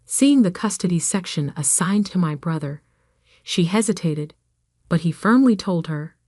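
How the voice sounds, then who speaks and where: A woman narrating a first-person family drama story in an even, steady storytelling delivery. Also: on the low side, normal speed, no echo, studio quality.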